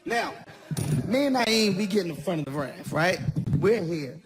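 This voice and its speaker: A high-voiced man telling a stand-up story, animated and self-mocking, with laughter breaking into his delivery. The recording comes from a live venue with clear ambient noise throughout. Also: normal speed. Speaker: stand-up comedian.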